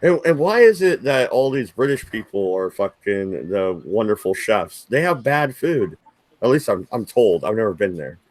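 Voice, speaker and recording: A man's voice: lowish voice, very animated, normal speed, a little mellow, dry recording, rough recording. A man hosting a casual stream chat, swearing often and laughing as he rambles. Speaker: stream host.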